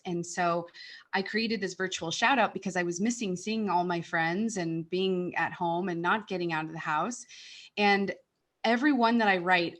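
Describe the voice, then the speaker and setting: A woman's voice: on the low side, fairly bright tone. A woman hosting a podcast, speaking in a heartfelt, earnest way in casual conversation. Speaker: podcast host.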